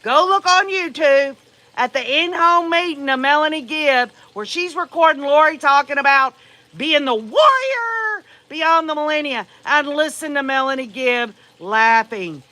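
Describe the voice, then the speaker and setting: A woman's voice: sits high, animated, unhurried, pushed and bright. A woman hosting a livestream, giving blunt, profane, emphatic commentary and talking straight to her viewers. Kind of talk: casual true-crime commentary.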